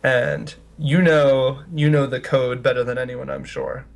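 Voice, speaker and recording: A man's voice: medium pitch, flat delivery, unhurried, gravelly. A man playing a tabletop game, talking casually in character and out, with a rambling delivery. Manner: casual, rambling, with fillers and restarts. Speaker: player. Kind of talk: casual tabletop role-play.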